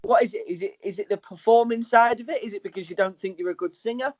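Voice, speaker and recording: A man's voice: high-pitched, fast talker, no echo. A man co-hosting a podcast, chatting casually and telling stories with quoted asides. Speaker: podcast co-host. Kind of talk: casual chat. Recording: dull lo-fi recording.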